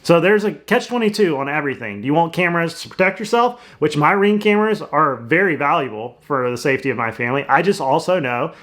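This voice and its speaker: A man's voice: on the high side, lively intonation, fast, hardly any pauses, fairly bright tone. A man hosting, giving casual commentary and laughing between points. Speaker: host.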